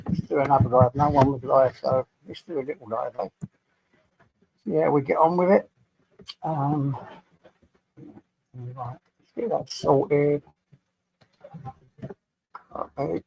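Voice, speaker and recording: A man's voice: mid-range voice, slow pace, vocal fry, pauses often, slightly rough, muffled recording. An English man hosting a casual live stream from home, greeting viewers by name and chatting to them. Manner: chatty, addresses viewers by name, talks to his dog. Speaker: livestream host.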